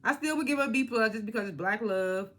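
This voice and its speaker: A young woman vlogging a casual reality TV recap, animated and slangy, laughing as she acts out what the cast said. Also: fairly high pitch, fast talker. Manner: animated, laughing, slangy retelling with acted-out quotes. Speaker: reality TV reviewer.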